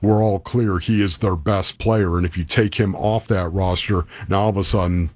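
A man co-hosting a sports radio show, arguing his point in a measured way. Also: low voice, fairly even intonation, darkish tone, no echo.

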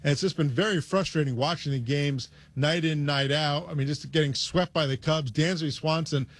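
A man speaks as a fan on a sports talk show, venting about his team. His voice sits a little high, and he stays frustrated as he talks. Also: normal speed.

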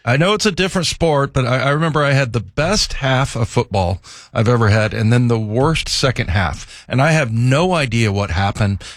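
A man's voice: mid-range voice, animated, normal speed, dry recording, studio quality. A man co-hosting a sports talk show, a former football player who tells stories and acts out the quotes with shifts in his voice.

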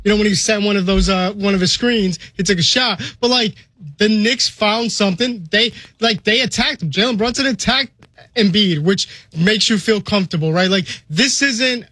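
A man's voice: high voice, moderate pace, bright, forceful tone, no room sound. A man on a sports talk panel, hedging his opinions and checking in with "right?" as he talks. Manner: hedging, many "like" and "right?" tags. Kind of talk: casual sports debate.

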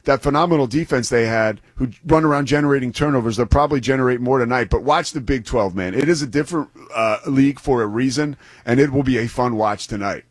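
A man's voice: mid-range voice, fast, few pauses, dry recording, studio quality. A man who is a sports broadcaster, chatting enthusiastically and loosely about a football game with some restarts. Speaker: sports broadcaster and guest analyst. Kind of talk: casual sports talk.

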